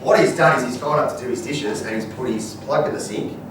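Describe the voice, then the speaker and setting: Blunt and colloquial, an Australian man who runs a business tells stories while answering audience questions as a guest speaker. His voice is mid-range and he talks fast. The sound is noisy and echoey, picked up by a far-off mic.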